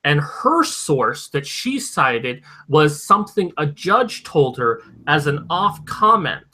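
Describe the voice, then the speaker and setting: Bright, higher man arguing his point. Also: big pitch swings, slow. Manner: argumentative, explaining at length. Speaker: co-host. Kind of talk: casual podcast chat.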